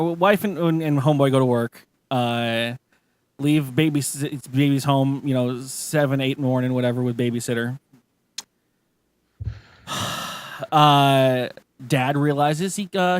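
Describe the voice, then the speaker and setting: A man's voice: medium pitch, no room sound. A man hosting a casual chat show, rambling and swearing as he retells a story. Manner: profane, rambling, lots of restarts. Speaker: podcast host.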